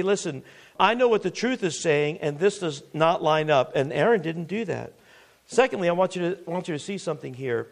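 A man preaching with a high, gravelly voice. He presses his points with rhetorical questions and sinks into a hushed tone for scripture readings. His delivery stays emphatic and unhurried. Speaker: pastor. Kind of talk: sermon.

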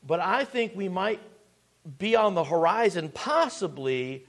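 A man's voice: high voice, sing-song, unhurried, a bit bright. A man preaching a sermon as pastor, earnest and full of restarts and asides.

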